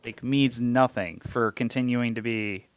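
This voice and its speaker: A man on a podcast as a guest, making a measured point in casual sports chat. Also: medium pitch, steady tone, smooth, dry recording.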